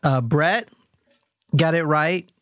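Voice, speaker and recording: A man's voice: a little high, takes it slowly, fairly bright tone, dry recording, clean studio sound. A man hosting a podcast, joking crudely and rambling in casual banter. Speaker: podcast host.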